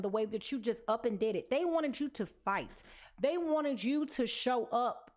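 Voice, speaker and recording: Woman, tarot reader, sleepy, sassy and chatty, slightly high voice. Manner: chatty and sassy, drops slang and pet names. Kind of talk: casual tarot card reading to camera.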